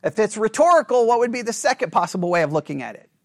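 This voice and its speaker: A man teaches a Bible study class in an animated, conversational way, asking the class questions and correcting himself as he goes. His voice sits high, and he talks fast.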